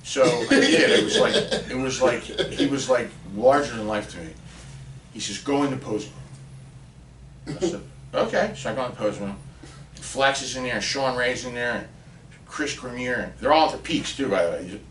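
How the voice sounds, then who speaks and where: A man tells a story on a podcast, animated and lively, throwing himself into the quotes he acts out. He sounds set back from the mic in a roomy space. A faint hiss sits behind him. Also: mid-range voice, normal speed. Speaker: podcast guest. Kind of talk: storytelling in casual chat. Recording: roomy and distant with faint noise.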